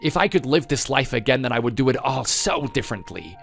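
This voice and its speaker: A man's voice: mid-range voice, sing-song, a little fast, creaky, fairly bright tone, faint music behind. A man voicing a bitter, self-pitying grown son. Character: resentful grown son blaming his mother for his failures. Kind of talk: texting-story voice-over.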